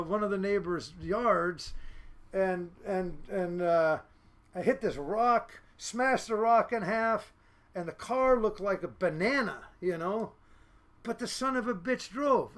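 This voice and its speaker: A man from Seattle, a fishing boat captain, telling casual podcast stories in a lively way, full of fillers and laughs. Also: high voice. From Seattle, United States. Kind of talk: casual storytelling.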